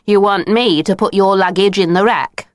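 A woman's voice: medium pitch, moderate pace, no echo, clean studio sound, lightly acted. A woman voicing a bossy boy who leads a gang of children in a storybook reading. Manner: commanding, flustered when caught out. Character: bossy boy gang leader, tall for his age.

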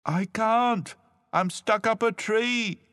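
A man's voice: slow pace, a bit bright, clean tone, dry recording, clean studio sound. A man voicing a playful young male elephant who loves pranks, in a storybook reading. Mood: plaintive. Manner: calls out in a high, teasing voice.

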